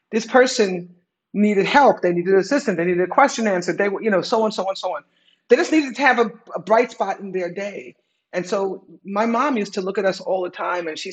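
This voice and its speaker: An older woman speaks as a guest in a candid interview, reflective yet emphatic. She leans on repetition to drive her points home, her pitch sitting in an ordinary middle range. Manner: emphatic, repeats key phrases, reflective. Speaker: guest, retired executive.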